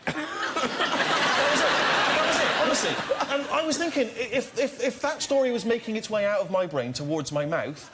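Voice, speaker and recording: A man's voice: extremely high pitch, expressive, background noise. A British man on a chat show telling a comic story, stumbling over ums and giggling as he goes. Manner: halting, stumbling with many ums, giggling through it. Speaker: comedian guest. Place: TV studio with audience.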